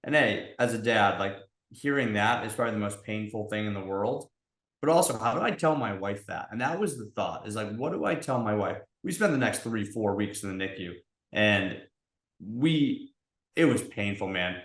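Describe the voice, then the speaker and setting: A man's voice: on the low side, lively intonation, normal speed, fairly bright tone. A man, a guest on a podcast, sharing a personal story in an earnest, reflective way. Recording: roomy echo.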